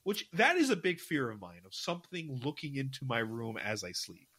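A man's voice: mid-range voice, huge pitch swings, normal speed, bright, forceful tone, husky. A young man in his twenties, co-hosting a podcast, rambling casually with lots of fillers and restarts. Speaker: podcast co-host. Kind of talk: casual chat.

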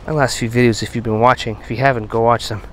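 Breathless and talking fast in a mid-range voice, a man narrates his nighttime metal detecting on the beach, chatting to what he digs up in excited bursts. Noise fills the background.

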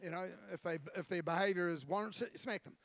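A man's voice: high-pitched, fairly even intonation, fast, a bit bright, no echo. A middle-aged man, preaching a blunt, colloquial sermon with asides to the congregation. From New Zealand. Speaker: pastor. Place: church.

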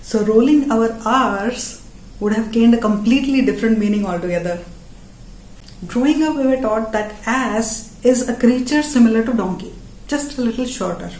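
A woman with an Indian accent delivers a playful stand-up routine, tossing words from other languages into her sentences. Her voice sits a little high yet sounds mellow and warm. The room adds a noticeable echo. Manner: playful, switching between languages mid-sentence. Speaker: stand-up comedian and channel host. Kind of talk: stand-up comedy monologue.

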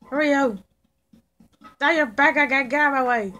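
A woman voicing a hyper, cheerful young male fox kid in in-character game commentary, excitable and pushy. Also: high-pitched, normal speed. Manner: excitable, bouncy, keeps shouting questions at passers-by.

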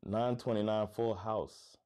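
A man's voice: on the low side, fairly even intonation, a little slow, warm tone, clear, resonant tone. A middle-aged man from Florida with a neutral American accent and a faint Florida lilt, hosting a casual livestream and chatting with viewers in an upbeat, easygoing way. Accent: neutral American, hint of Florida. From Florida, USA. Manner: upbeat, laid-back, says "man" a lot, laughs easily. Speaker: livestream host, comedy club owner. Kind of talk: casual livestream chat reading viewer comments.

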